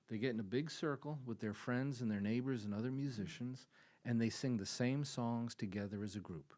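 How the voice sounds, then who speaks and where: A man speaks from the stage of a small coffee house, with an everyday mid-range voice. He tells stories in a folksy way, repeats lines for weight, and drops to near-whispers before building loud again. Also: mid-range voice. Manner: storytelling, repeats phrases for emphasis, swings from hushed to loud. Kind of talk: folksy stage talk with a told joke.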